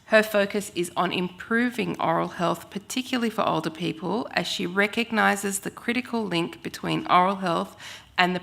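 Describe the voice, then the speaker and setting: Woman with a low gravelly voice. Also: fairly bright tone. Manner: formal, scripted. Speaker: event host. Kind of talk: reading a speaker introduction.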